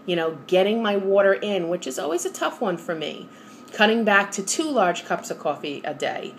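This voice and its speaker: Middle-aged woman, New York accent, candid motivational vlog talk, mid pitch, faint noise behind. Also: expressive, moderate pace. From New York area. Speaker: vlogger. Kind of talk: personal vlog monologue.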